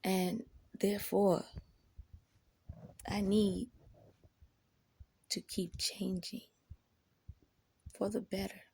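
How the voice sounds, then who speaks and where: A woman's voice: medium pitch, level tone, extremely slow, vocal fry, pauses often, mellow, slightly rough. A woman giving a candid, reflective monologue to camera, blunt and full of profanity. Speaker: vlogger.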